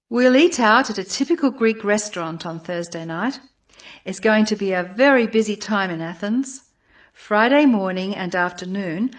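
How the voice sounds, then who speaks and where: A woman's voice: mid-range voice, natural voice. An actress playing an enthusiastic female trip organizer who makes announcements to a group in a scripted exam monologue. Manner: upbeat, announcing.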